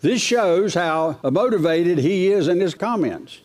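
A man's voice: expressive, measured pace, a little mellow. A man preaching a folksy verse-by-verse sermon, lifting his voice to read scripture aloud and asking his listeners questions along the way. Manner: folksy, rises in pitch when reading scripture aloud; asks the congregation questions.

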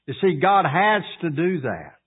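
... high-pitched, animated preacher on tinny radio. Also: male voice, breathy edge. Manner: preaching, rising to emphatic high pleas, drawn-out delivery. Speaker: pastor. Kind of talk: sermon. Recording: tinny phone-like radio broadcast.

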